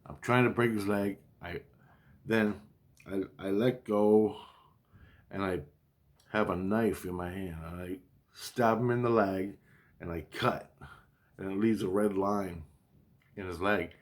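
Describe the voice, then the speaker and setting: A man's voice: sits low, fairly even intonation, unhurried, long pauses. A man telling a story in a rambling, casual monologue, agitated and profane, often restarting his sentences. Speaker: vlogger recounting a dream.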